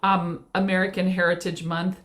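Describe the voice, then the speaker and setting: A woman's voice: fairly low pitch, level tone, moderate pace, fairly bright tone. A woman co-hosting an online sing-along, chatting through upcoming events with many ums. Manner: chatty, with many fillers and a light laugh. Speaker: co-host. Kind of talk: casual announcements.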